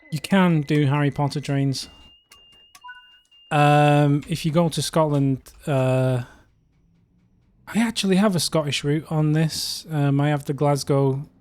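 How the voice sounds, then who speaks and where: A man's voice: a little high, fairly even intonation, slow, pauses often, a little mellow, smooth. A man from the UK hosting a casual livestream, chatting in a rambling way with frequent fillers. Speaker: livestream host.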